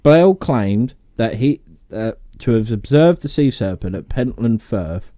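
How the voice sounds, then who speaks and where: Lively joking man, dry close mic. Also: medium pitch, unhurried, no room sound. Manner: joking, swearing, laughs often. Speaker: podcast host. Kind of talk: casual podcast chat and reading.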